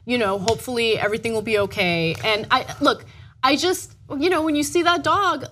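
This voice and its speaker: A woman's voice: fairly high pitch, brisk, a bit bright, a little hiss or hum. A woman chatting casually on a podcast, earnest and emotional, often agreeing with her co-host.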